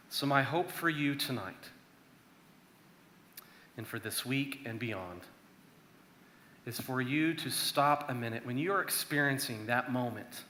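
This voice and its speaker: A man giving a casual, conversational youth sermon, talking to a church youth group and acting out prayers in a hushed voice. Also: medium pitch, measured pace, pauses often, slight background noise. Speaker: youth minister. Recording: echoey room.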